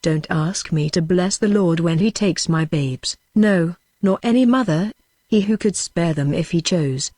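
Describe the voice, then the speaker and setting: A woman's voice: fairly low pitch, unhurried, warm tone, no echo. A synthetic woman's voice reading the lines of a grieving, feverish mother who is bitter and foresees doom, with no change of voice.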